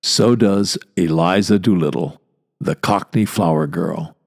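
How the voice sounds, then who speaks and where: Older male lecturer, low gravelly voice, slow and deliberate delivery. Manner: measured, deliberate, explanatory. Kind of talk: spoken lecture.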